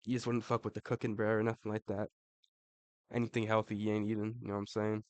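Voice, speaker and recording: A man's voice: lowish voice, flat delivery, fast talker, a little mellow, no echo. A man giving casual, slangy commentary as a YouTuber ranking fighters, laid-back and saying "bro" a lot.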